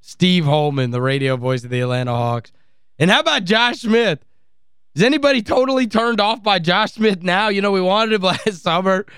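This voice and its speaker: A man's voice: high-pitched, normal speed, a bit bright, clean tone, dry recording, studio quality. A man hosting sports talk radio, gleeful and mocking as he plays clips. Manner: gleeful, mocking, laughs often.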